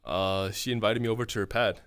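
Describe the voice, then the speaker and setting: A man's voice: fairly low pitch, steady tone, brisk, a bit bright, clear, resonant tone, dry recording. A young man in his twenties telling a long profane story to his chat. He rambles, swears constantly and tacks "right?" onto nearly every phrase. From California. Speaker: streamer.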